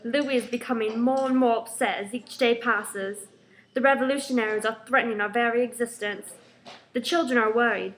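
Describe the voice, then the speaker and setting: A woman's voice: on the high side, steady tone, normal speed, fairly bright tone, close to an everyday voice, low-quality recording. A woman playing an anxious, pampered queen who reads out a diary entry in a school history role-play. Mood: fretful. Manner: reading a diary entry, fretful.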